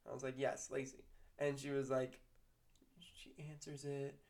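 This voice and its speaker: A woman's voice: a bass voice, normal speed. Chatty woman teacher swapping class stories. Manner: lively storytelling, bursts of laughter. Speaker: elementary school teacher. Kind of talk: casual chat.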